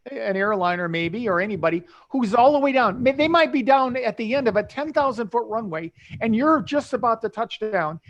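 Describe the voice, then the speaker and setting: High-voiced man coaching nervous flyers. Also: dull audio. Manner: earnest, reassuring, with many restarts. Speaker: airline pilot and show host. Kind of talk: live talk show, explaining to nervous flyers.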